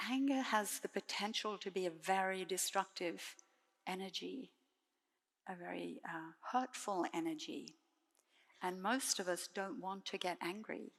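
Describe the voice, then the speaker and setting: A woman giving a dharma talk as a Buddhist nun, speaking gently and softly with measured pauses. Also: on the low side, gravelly, big-room sound.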